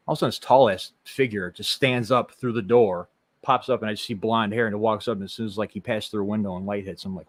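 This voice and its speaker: A man with a Chicago accent, telling a lively story in casual podcast chat, jokey and animated. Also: fairly low pitch, quick pace, no room sound. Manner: animated storyteller, jokey, switches into a put-on local accent for quotes. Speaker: podcast host.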